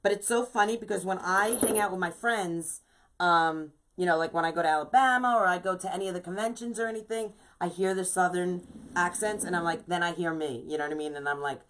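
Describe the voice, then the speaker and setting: A woman's voice: on the low side, fairly quick, fairly bright tone, slight background noise, poor audio. A woman with a New York accent hosting a casual live craft tutorial, chatting with viewers and dotting her talk with "you know". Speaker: craft shop owner hosting a live wreath-making stream.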